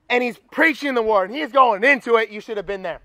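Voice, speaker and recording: A young adult man preaching a sermon at a campus retreat, energetic and rallying the crowd. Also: very high voice.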